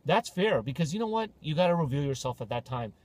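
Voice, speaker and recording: A man's voice: fairly high pitch, fast. A man hosting a podcast, telling stories in casual, joking banter. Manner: animated, joking storyteller. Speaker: podcast host.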